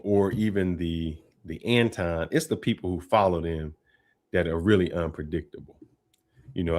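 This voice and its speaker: Low-pitched male commentator, casual and talkative, reacting to a clip. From Detroit, Michigan. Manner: relaxed, chatty, slangy delivery with laughs.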